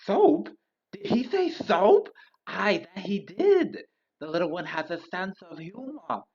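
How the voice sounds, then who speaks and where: A man's voice: sits high, very animated, takes it slowly, breathy edge, highs cut off, exaggerated voice. A man voicing bloodthirsty hallway monsters in a put-on Scottish accent, wheedling and menacing. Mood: sly. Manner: hissing, wheedling, then shouting demands.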